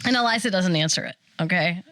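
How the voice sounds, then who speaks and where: Talking fast with no echo, a middle-aged podcast co-host spins a story during a casual chat. She animates it by performing other people's lines, raising her pitch for the quoted voices.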